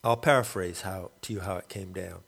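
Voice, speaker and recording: A man calling himself a shaman, rambling through a halting spoken monologue and often searching for the right word. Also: low-pitched, steady tone, creaky, a bit bright, slightly rough, in a large hall. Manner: halting, searching for words, many restarts. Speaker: self-described shaman.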